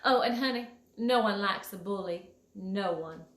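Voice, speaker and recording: A woman voicing a sweet, prim female fairy who teaches children manners, in a Southern drawl, scolding gently with pet names. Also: medium pitch, a little slow, lightly acted. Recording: echoey room.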